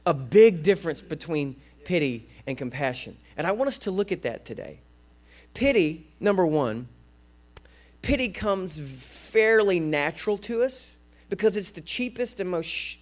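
Guest preacher, male, somewhat high voice, lively conversational sermon delivery that doubles back on words. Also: a little slow. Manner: energetic and conversational, repeating words as he restarts.

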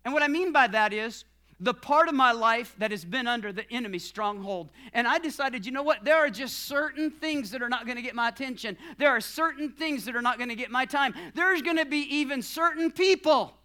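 A male pastor delivers a sermon in a high, bright, ringing voice. He builds to shouted declarations, then eases into quiet, nearly whispered teaching with a laugh here and there. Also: fairly quick, clean tone.

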